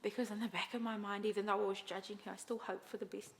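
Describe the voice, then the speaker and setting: Brief: young New Zealand woman, documentary interviewee, candid storyteller, gravelly fry. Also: mid-range voice, little pitch movement, fast, slight background noise.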